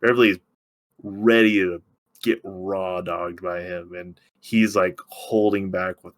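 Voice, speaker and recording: A man co-hosting a podcast, recapping a TV episode in casual, excitable chat, swearing freely. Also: sits low. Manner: excitable, swearing, recapping scenes with quick impressions. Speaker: podcast co-host.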